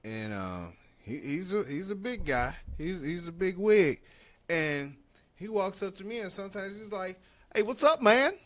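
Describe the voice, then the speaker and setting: A man hosting a casual podcast, telling stories in an animated way and mimicking other people's voices. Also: high-pitched, measured pace. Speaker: podcast host.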